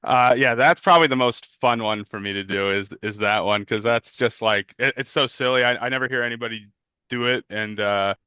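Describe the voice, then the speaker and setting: Male comic guest, low bright clear voice, loose and chatty, dry slightly dull mic. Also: brisk, no echo. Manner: easygoing, lots of "yeah" and "like", laughs. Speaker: comedian guest. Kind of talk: casual interview chat.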